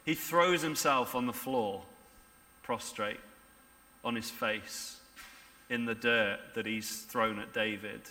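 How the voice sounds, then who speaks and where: A man preaches in a church, his voice on the high side, bright, and forceful, keeping the sermon conversational and often asking the congregation rhetorical questions. Church-hall reverb colors the recording.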